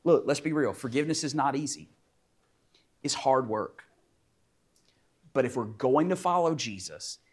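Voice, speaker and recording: A man in his forties preaching a sermon as pastor, emphatic and animated, acting out little quotes. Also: medium pitch. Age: 40s.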